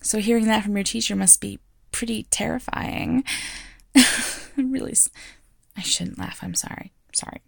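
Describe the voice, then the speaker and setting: A woman's voice: fairly low pitch, moderate pace, creaky, pauses often, husky, no echo, clean studio sound, exaggerated voice. A woman voicing a frank, playful female teacher in an audio role-play, teasing and laughing often. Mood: reassuring.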